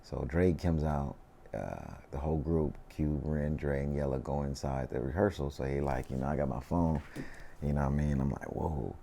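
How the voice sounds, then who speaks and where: A man tells stories in a relaxed interview, his voice very low and mellow. He talks loosely in slang, circling back with "you know what I mean". The delivery stays unhurried and conversational. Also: gravelly, a little hiss or hum. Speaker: rapper, interview guest. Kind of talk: casual storytelling interview.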